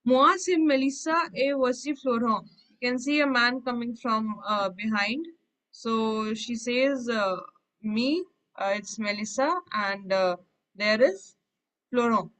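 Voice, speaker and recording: A woman's voice: fairly high pitch, slow, a bit bright, low-quality recording. A woman teaching a French class, reading short phrases and then explaining each one in English. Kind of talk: online language class explanation.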